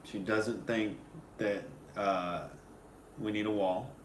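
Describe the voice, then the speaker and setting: A man's voice: on the low side, steady tone, slow. A man hosting a comedy podcast, joking in a casual chat and laughing often. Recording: echoey room, faint hiss.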